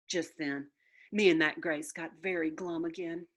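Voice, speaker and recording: A woman reading a children's book aloud with playful, expressive storytelling. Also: deep voice, unhurried. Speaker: storybook reader.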